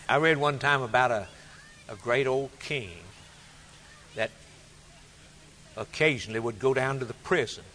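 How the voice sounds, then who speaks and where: A male preacher delivering a sermon emphatically, repeating phrases and swinging between loud and soft. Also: medium pitch.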